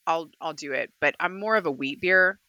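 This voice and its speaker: A woman's voice: sits low, normal speed, bright, forceful tone, no echo, muffled recording. A woman with a Kentucky accent, a podcast guest in casual chat who laughs often and swears freely.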